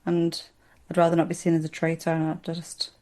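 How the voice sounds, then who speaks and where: A woman co-hosting a podcast in casual chat, blunt and quick-witted. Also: fairly low pitch, completely flat delivery, darkish tone. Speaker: podcast co-host.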